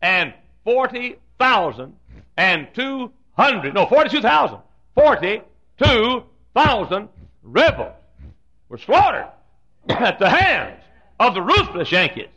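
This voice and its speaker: Folksy Southern preacher, high lively voice. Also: male voice, takes it slowly. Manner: folksy, joking asides, frequent throat clearing. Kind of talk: humorous sermon storytelling. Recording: dull lo-fi sound.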